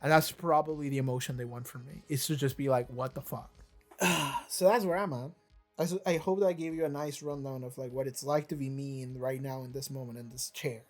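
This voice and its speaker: A reaction channel host talking casually from a chair, rambling with stammered restarts and frequent swearing. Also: mid-range voice. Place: seated in a chair.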